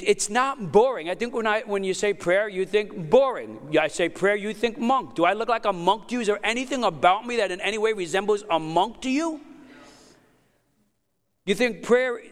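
A man in his fifties, a pastor preaching a sermon in a conversational, energetic way, with joking asides to the congregation. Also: high-pitched, big-room sound. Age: 50s. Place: church hall.

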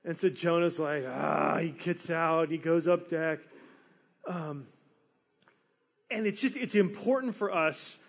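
A man preaching a sermon, telling a story with animated, acted-out quotes. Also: fairly high pitch, slow, creaky, long pauses. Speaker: pastor.

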